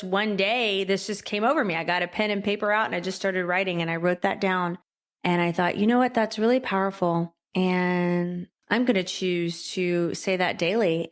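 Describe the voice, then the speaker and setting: A woman hosting a solo motivational podcast, talking earnestly and with affirming repetition. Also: lowish voice. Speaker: podcast host.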